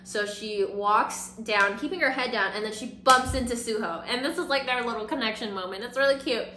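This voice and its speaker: Bright-voiced young woman vlogger. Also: on the high side, fairly quick, slight background noise. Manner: animated, gushing, heavy use of "like"; talks while applying makeup. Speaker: beauty vlogger. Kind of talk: casual chatty recap. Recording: roomy echo.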